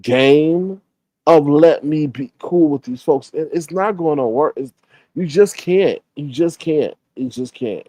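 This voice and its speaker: A man's voice: fairly high pitch, a little mellow, dry recording. A man hosting a reaction commentary, blunt and exasperated, with laughing asides. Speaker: commentary channel host.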